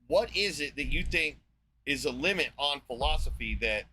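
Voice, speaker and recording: A man's voice: a little high, animated, normal speed, sharp tone, slight background noise, poor audio. A man hosting a live stream, ranting with heavy profanity and scorn as he reacts to a debate. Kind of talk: heated reaction commentary.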